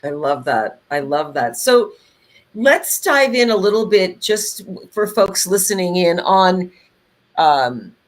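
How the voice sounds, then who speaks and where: Lowish-voiced chatty woman podcast host. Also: slow. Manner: chatty and animated, many fillers and restarts. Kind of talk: casual conversational podcast chat.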